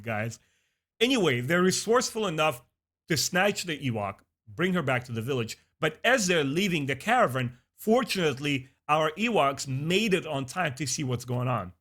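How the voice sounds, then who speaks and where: A man's voice: medium pitch, fairly bright tone. Chatty man recapping a TV episode. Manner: enthusiastic, chatty, with many fillers. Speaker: TV episode reviewer.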